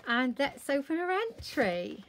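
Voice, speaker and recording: A woman's voice: high-pitched, very animated, measured pace, a bit bright, slight background noise. A woman vlogger chatting casually to camera about a craft parcel, gushing and exclaiming with delight.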